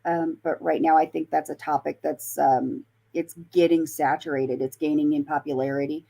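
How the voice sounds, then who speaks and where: A woman's voice: sits low, little pitch movement, moderate pace, creaky, dark tone. A woman from Colorado, a paranormal investigator, chatting as a guest with many fillers and restarts. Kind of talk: casual storytelling interview.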